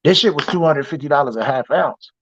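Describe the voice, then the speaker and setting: A man hosting a casual chat and telling animated, slang-heavy stories, acting out the people he quotes. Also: on the high side, quick pace, no room sound. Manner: animated storytelling, slangy and profane, acts out quoted voices. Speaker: host. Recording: dull, lo-fi stream audio.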